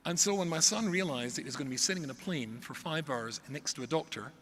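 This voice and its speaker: Animated rabbi in a big hall. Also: male voice, mid-range voice, a little fast, a little hiss or hum. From Scotland. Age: middle-aged. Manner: animated storyteller with comic exaggeration. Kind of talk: storytelling talk to a live audience. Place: large hall. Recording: echoey hall with faint ambience.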